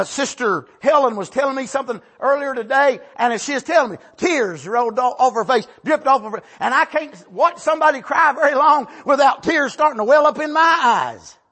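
Male preacher, high and bright, fervent sermon delivery, builds to shouts. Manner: impassioned, drawn-out emphasis, rising to shouts; calls out "Amen" between points.

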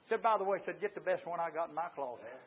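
A man preaching a revival sermon, swinging from hushed talk to shouted exclamations. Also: fairly high pitch, animated, racing, a little hiss or hum. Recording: dull lo-fi sound.

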